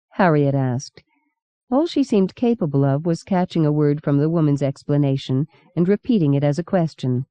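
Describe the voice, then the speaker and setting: A woman narrating an audiobook in a measured, steady reading. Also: sits low, no room sound. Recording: dull lo-fi cassette recording.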